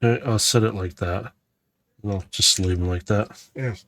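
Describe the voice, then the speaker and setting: With a lowish, slightly bright voice and a moderate pace, a man from Missouri, USA, casually talks through a Lego build for his channel. He rambles a little, using frequent fillers and self-corrections.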